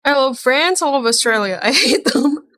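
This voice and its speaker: A woman's voice: high-pitched, animated, normal speed, fairly bright tone. A woman streaming a reaction to a video, chatting casually in a rambling, blunt way and swearing now and then.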